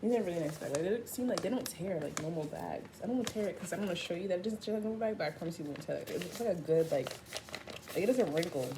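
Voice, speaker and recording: A woman's voice: fairly low pitch, racing, noisy background. An eighteen-year-old woman chatting casually to camera in a vlog, telling stories with a lot of slang and swearing. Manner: profane, animated storytelling with slangy asides. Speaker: vlogger.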